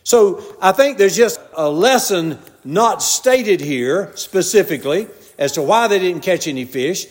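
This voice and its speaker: A man's voice: high-pitched, animated, unhurried, few pauses. An older man with a Southern US accent preaching a folksy, conversational sermon, telling homely stories and repeatedly addressing his listeners as "brethren.". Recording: long reverb of a large hall.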